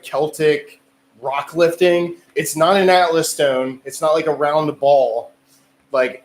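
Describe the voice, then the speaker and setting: A man chatting loosely on a livestream as a strength athlete, rambling and swearing, with lots of filler words. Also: a little high. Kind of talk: casual livestream chat. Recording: echoey room with faint noise.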